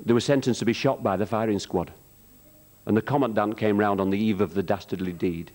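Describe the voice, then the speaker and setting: A man telling rambling stand-up jokes on a theatre stage, pausing with ums and jumping into shouted character voices. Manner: rambling, hesitant, full of ums between jokes; jumps into high shouted character voices for punchlines. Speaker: stand-up comic at a charity show.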